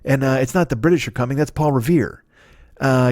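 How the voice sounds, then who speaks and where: Fifties guy ranting fast and swearing a lot, dead dry sound, comedy podcast monologue. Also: medium pitch, dry recording. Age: 50s. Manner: profane, ranting, animated.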